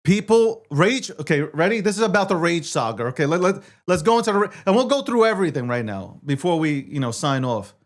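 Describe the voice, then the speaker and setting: A man's voice: on the high side, expressive, fairly quick, hardly any pauses. A man hosting a talk show, ranting in a profane, combative way as he reads social media posts aloud and argues back at them. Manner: profane, combative, heated rant. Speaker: show host.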